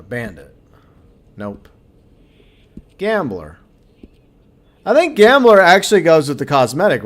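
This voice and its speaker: Minnesota guy streaming a game, kinda high voice, jokes around, swears a lot. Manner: chatty, joking, swears freely. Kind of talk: casual gameplay commentary.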